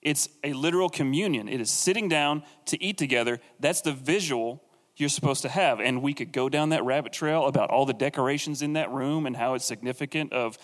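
A man's voice: medium pitch, fairly quick. Chatty man preaching in an echoey hall. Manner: chatty, jokey asides, acts out quotes. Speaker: Bible teacher. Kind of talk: casual conversational sermon.

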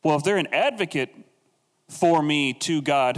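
A man's voice: fairly high pitch, expressive, a little slow, in a large hall. A man teaching a casual, conversational sermon on the Bible, with jokey asides and acted-out quotes.

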